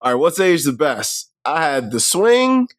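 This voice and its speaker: A man's voice: a little high, very animated, a little slow, no echo, studio quality. A man co-hosting a film podcast in casual chat, laughing a lot, swearing freely and reading movie lines aloud. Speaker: podcast co-host.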